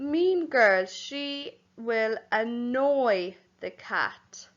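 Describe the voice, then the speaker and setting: On a rather dull, lo-fi recording, a young woman with a fairly high voice teaches young children at home in an unhurried way. As a primary school teacher, she keeps things slow and clear, spells words letter by letter, and kindly refers to the kids as boys and girls.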